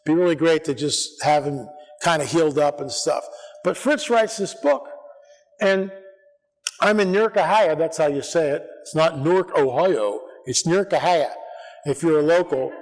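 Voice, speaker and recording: A man speaking at a church conference, telling stories in a rambling, animated way and acting out the voices of people he quotes. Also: on the high side, moderate pace. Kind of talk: casual storytelling talk at a church conference. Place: church hall. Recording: long hall reverb.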